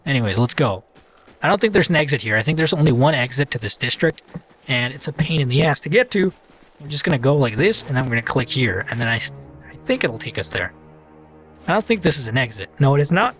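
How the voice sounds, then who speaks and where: A man's voice: medium pitch, sing-song, quick pace, a bit bright, soft background music. A man hosting a let's play, chatting casually and playfully while he reads the game aloud. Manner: chatty, playful, self-mocking.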